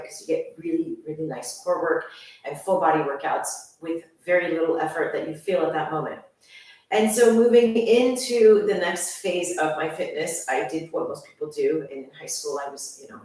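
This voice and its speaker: A young woman fitness instructor who talks to her viewers in an enthusiastic, chatty way. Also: deep voice. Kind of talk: casual channel introduction. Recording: very echoey room, voice far from mic.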